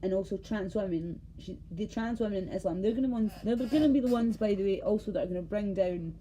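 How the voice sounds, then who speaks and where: Fast and dark-toned, her mid-range voice carries a heated, rambling rant aimed at the camera. The Scottish vlogger swears and cuts herself off mid-thought, and there's a faint hiss or hum.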